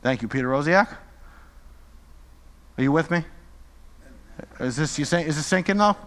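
A man's voice: a little high, expressive, normal speed, fairly bright tone, long reverb tail. A male pastor preaching a sermon with impassioned, repetitive exhortations.

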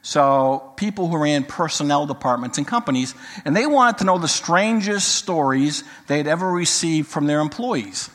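A man's voice: on the high side, normal speed, hardly any pauses. An older man, a grandfather, preaching a sermon and mixing humorous stories with Bible teaching. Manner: storytelling, jokes then teaching, animated quoting. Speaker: pastor. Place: church sanctuary. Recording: long hall reverb.

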